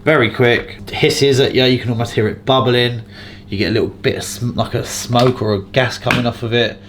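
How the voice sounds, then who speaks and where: A man's voice: medium pitch, fairly even intonation, moderate pace, a bit bright, a little hiss or hum. A man, a jeweller chatting casually as he walks through prices and gold tests in his shop. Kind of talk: casual explaining to camera and customer.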